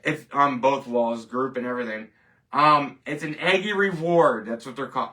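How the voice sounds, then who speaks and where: A Canadian man hosts a casual rant show, rambling emphatically and scoffing at each verdict. His voice is on the high side, pushed and bright, at a moderate pace, and sounds distant from the mic.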